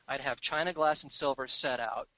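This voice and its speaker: A middle-aged man giving a business talk, telling stories and acting out the dialogue in quick voices. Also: mid-range voice, fairly even intonation, bright, forceful tone, rough recording. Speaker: business speaker. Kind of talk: recorded seminar talk.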